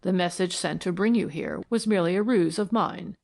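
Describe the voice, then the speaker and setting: A solemn male mystic from a storybook, the last of an ancient tribe, read by a woman. He speaks in a grave, prophetic and quietly threatening way, in a lowish voice. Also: a little fast, creaky. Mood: menacing.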